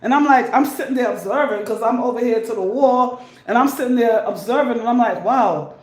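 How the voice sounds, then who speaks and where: A woman's voice: fairly high pitch, brisk, a little mellow. Emphatic New woman in echoey room. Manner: emphatic, rambling, repeats points for stress. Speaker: vlogger. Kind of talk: casual advice monologue to camera.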